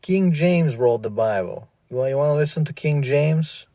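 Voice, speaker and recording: A man's voice: fairly high pitch, expressive, moderate pace, mellow, no room sound. A middle-aged man ranting in a vlog, stammering, swearing and repeating himself. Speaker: vlogger. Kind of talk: profane ranting monologue.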